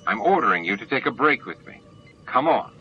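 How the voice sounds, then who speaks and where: A man's voice: mid-range voice, sing-song, a little fast, pushed and bright, slightly rough, highs cut off, heavily acted. A man voicing a stern but caring male starship captain who gives firm orders.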